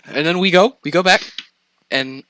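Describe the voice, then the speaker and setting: A young man casually telling a story on a podcast, animated and profane, laughing as he goes. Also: high-pitched, moderate pace, dry recording.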